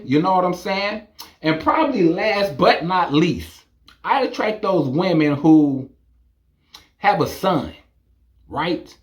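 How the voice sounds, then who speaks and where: A young man ranting to camera in a casual, incredulous, animated monologue. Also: a little high. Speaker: vlogger.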